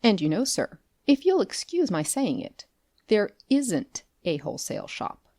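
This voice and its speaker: A courteous, mysterious magic shopkeeper speaks with a lively, rolling delivery, as a woman reads him. His voice is lowish and close, heard dry with no room echo. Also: measured pace, exaggerated voice. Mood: polite, mysterious. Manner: polite, courteous. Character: smooth, affable male magic shopkeeper, mysterious.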